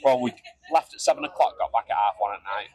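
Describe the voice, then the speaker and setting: A man's voice: medium pitch, animated, fast, darkish tone, slightly rough, rough recording. A man in his thirties co-hosting a podcast, telling rambling, sweary stories in casual chat. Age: 30s. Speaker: podcast co-host. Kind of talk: casual storytelling.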